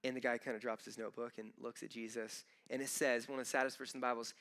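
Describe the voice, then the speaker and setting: Bright, clear-voiced man preaching. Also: medium pitch, level tone, very fast, hardly any pauses. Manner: conversational, emphatic, with frequent repeated starts. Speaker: pastor. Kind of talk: sermon. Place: church auditorium.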